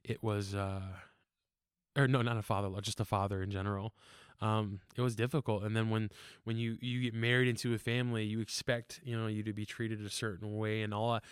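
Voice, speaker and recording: A young man with a somewhat low voice chats on a podcast, earnest and rambling, with frequent laughs and fillers. The sound is dry and close. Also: level tone, a little fast, clear, resonant tone, no echo. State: tearful. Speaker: podcast guest. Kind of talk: casual podcast chat.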